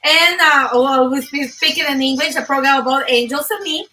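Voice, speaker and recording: Bright high-voiced animated woman host. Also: fairly quick, recorded from a distance, faint music behind, low-quality recording. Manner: animated, emphatic, laughs often. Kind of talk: live motivational talk show.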